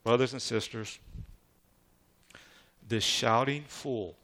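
In a slow, mid-range voice with a fairly bright tone, a male pastor preaches emphatically. He reads scripture and throws call-and-response questions out to the congregation.

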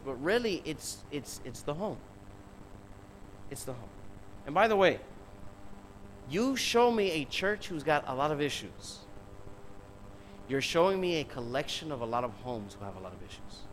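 A male preacher delivers an emphatic sermon with a fairly high voice. He keeps asking the congregation rhetorical questions and speaks to them directly. A faint hum runs behind him. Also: poor audio.

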